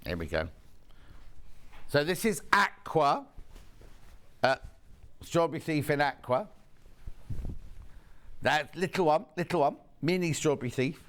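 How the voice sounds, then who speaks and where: A man's voice: fairly high pitch, sing-song, measured pace, long pauses, a bit bright. A man presenting live on a TV shopping channel, chatty and teasing the off-camera crew, a bit sniffly with hay fever. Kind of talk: live on-air selling chat.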